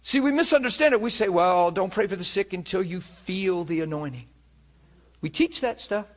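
High-voiced man preaching a testimony. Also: normal speed. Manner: animated storytelling, swings between hushed and loud; chuckles often while speaking. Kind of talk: sermon with personal testimony.

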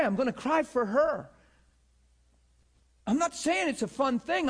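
A man's voice: very high-pitched, fairly bright tone. A man in his forties preaching a sermon with passion, firing rhetorical questions and acting out what people say. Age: 40s.

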